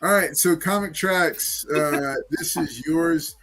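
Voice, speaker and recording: A man's voice: a little high, slow pace, over music. A man hosting a casual livestream chat and giveaway, talking loosely with many fillers. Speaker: livestream host running giveaways.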